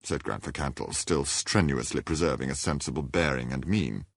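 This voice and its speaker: A man narrating a classic novel in a measured, deliberate and understated way. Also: extremely low pitch, no room sound, studio quality. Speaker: audiobook narrator.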